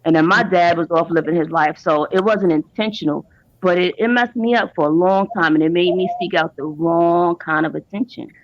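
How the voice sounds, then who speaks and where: A woman's voice: fairly low pitch, moderate pace, no room sound, muffled recording. A woman speaking frankly and with emphasis on a panel, in candid casual chat with some profanity.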